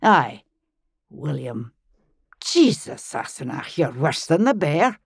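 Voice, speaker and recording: A woman reading an audiobook, voicing a wounded Scottish man with a low, gruff, dry, matter-of-fact manner. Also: sing-song, slow pace, dry recording, exaggerated voice. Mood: dry weary. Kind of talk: audiobook narration.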